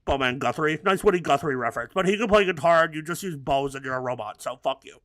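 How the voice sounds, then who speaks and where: Man, gaming commentary, rambling, absurd crude humor, slightly high voice. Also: quick pace, fairly bright tone. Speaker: gaming video host.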